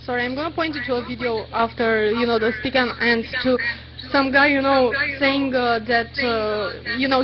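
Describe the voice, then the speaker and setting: A woman with a high voice argues earnestly in an online debate, halting often with fillers and restarts. Her audio is dull and lo-fi, with crowd noise behind her. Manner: earnest, hesitant, full of fillers. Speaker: debate participant.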